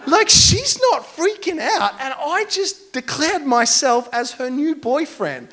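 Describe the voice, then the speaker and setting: A young man preaching a sermon as a lively, self-mocking storyteller. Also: extremely high pitch, takes it slowly. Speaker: pastor.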